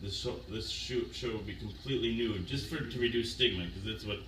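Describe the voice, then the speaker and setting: A man's voice: fairly low pitch, fairly quick, a bit bright, a little hiss or hum. A man hosting a vlog, rambling casually, giggling and trailing off. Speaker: vlog host. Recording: echoey room, distant mic, music behind.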